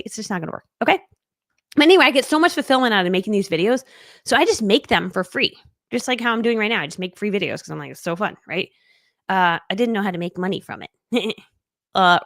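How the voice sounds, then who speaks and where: A woman in her thirties from New England, United States, leads a live online training as a business coach. Her mid-range, fairly bright voice is expressive and fast, and she talks in a bubbly, chatty way with playful acted quotes, captured in a dry, studio-quality recording.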